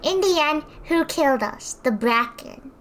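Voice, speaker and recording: A woman's voice: sits high, lively intonation, measured pace, fairly bright tone, slight background noise. A woman streamer chatting casually while she paints, rambling and self-deprecating.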